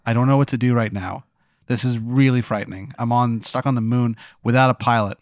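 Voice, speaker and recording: Homem incrédulo e seco como jogador. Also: male voice, mid-range voice, fairly quick, no echo, studio quality. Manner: incredulous and questioning, deadpan. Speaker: player. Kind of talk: in-character role-play.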